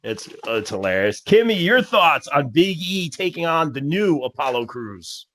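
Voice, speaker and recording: A man's voice: fairly high pitch, big pitch swings, measured pace, a bit bright. A man hosting a wrestling panel, affirming the speakers and passing questions around. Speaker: panel host. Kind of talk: moderating a panel chat.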